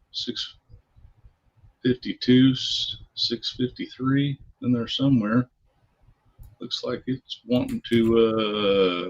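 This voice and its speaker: A man joining a trading livestream over a video call, explaining market moves in an easygoing, plainspoken way. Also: mid-range voice. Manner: easygoing, plainspoken, mutters to himself. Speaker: guest trader on a video call. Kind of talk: casual trading chat. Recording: dull lo-fi call audio.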